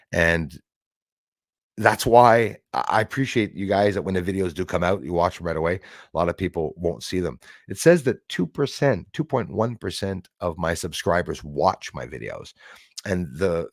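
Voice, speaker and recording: A man's voice: low-pitched, no echo, clean studio sound. A man hosting a casual live stream, rambling and greeting chat viewers by name.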